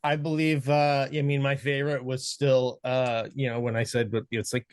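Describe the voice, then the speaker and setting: A man's voice: medium pitch, level tone, moderate pace, no echo, studio quality. A middle-aged man co-hosting a movie podcast, speaking hesitantly with many uhs and ums. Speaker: podcast co-host. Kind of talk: casual chat about movies.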